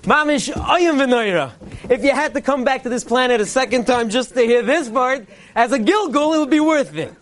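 A man delivering a parody Purim sermon, a mock-earnest preacher cadence and deadpan punchlines. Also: extremely high pitch, a little fast, hardly any pauses, a little hiss or hum. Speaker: comedian delivering a mock Purim Torah speech.

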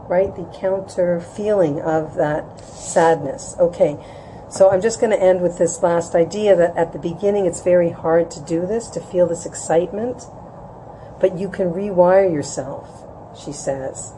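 Middle-aged woman, mellow warm voice, casual religious lecture, frequent "right?", faint hum behind. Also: measured pace, low-quality recording. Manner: conversational, asks "right?" often, acts out quotes with rising pitch. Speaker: Jewish women's class teacher. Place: room with an audience.

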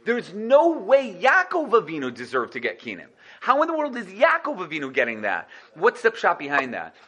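A man giving an animated Torah lecture, acting out quotes and asking questions. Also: high voice, normal speed. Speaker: Torah teacher.

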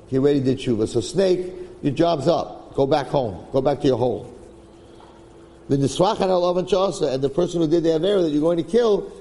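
A fairly high-pitched yet mellow-toned man delivers a sermon-style lesson, telling a story with emphatic repetition. His voice carries a long reverb, as if in a large hall. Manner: emphatic, mixes Hebrew phrases, repeats for emphasis. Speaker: rabbi giving a Torah class.

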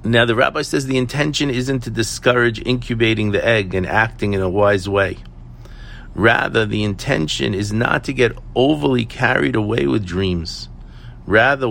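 A man's voice: on the low side, creaky, a bit bright, slight background noise. A man giving an earnest Torah teaching, asking questions and telling a story with hesitant fillers. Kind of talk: sermon with storytelling.

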